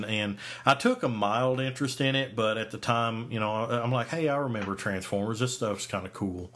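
A man's voice: fairly low pitch, fairly bright tone. A man in his forties, a podcast host, telling a story in casual chat, rambling with many fillers and restarts. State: hiccups.

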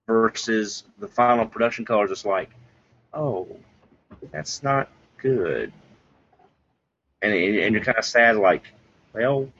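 A man's voice: fairly low pitch, breathy edge. A man co-hosting a podcast in casual chat, enthusiastic and rambling, often restarting his sentences. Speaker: podcast co-host. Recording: muffled lo-fi audio.

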